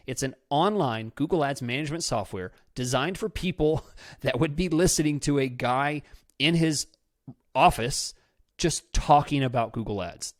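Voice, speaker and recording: A man's voice: medium pitch, no room sound. Chatty male podcast host, dry sound. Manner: chatty, enthusiastic, self-deprecating. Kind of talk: casual podcast talk with ad read. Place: his office.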